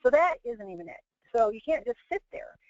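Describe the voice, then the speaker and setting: A woman's voice: on the high side, big pitch swings, fairly quick, a little mellow, no room sound. A middle-aged woman hosting a motivational webinar. She talks earnestly, in a preachy way, with many restarts. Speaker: webinar host and team leader. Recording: dull, dry lo-fi webinar audio.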